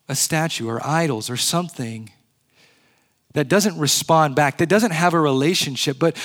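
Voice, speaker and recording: A male pastor preaching a sermon in a church, earnest, slowing and dropping to a hush on key words. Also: on the high side.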